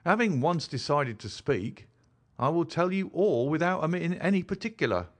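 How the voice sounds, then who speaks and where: A man's voice: fairly high pitch, expressive, moderate pace. A man voicing an agitated older woman, a landlady and mother, pleading in a story reading. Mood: anxious. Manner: distressed, pleading.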